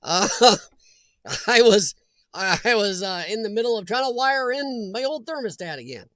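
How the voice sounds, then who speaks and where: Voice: mid-range voice, animated, moderate pace, fairly bright tone, dry recording. Chatty livestream host, dry close sound. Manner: chatty, laughs often, greets viewers by name. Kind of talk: casual livestream chat. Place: at home.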